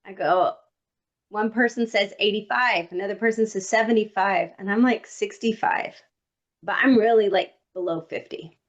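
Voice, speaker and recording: A woman guest on a podcast, telling a personal story in an animated way and acting out what others said. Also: medium pitch, moderate pace, highs cut off.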